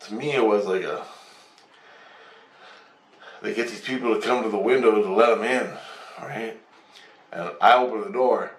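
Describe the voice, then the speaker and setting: A man telling a rambling story of a vision, excitable, swearing and acting out voices. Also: on the low side. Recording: roomy, distant from mic.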